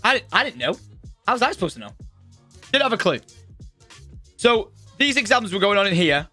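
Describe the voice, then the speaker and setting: A man's voice: high-pitched, moderate pace, faint music behind. A young man telling a stream audience a story about school, swearing freely and acting out the characters with plenty of energy. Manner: swearing, lively, acts out the teacher's shouting. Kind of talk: animated storytelling on a live stream. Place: home streaming room.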